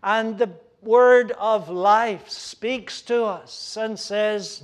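A man preaching a sermon in an earnest, halting way, with many fillers and restarts, growing louder when he voices complaints. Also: high voice, steady tone. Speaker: pastor.

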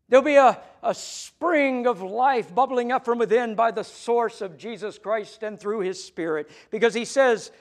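Man preaching, very high voice, emphatic, loud stresses then soft low asides. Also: normal speed, hardly any pauses. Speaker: pastor. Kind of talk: sermon.

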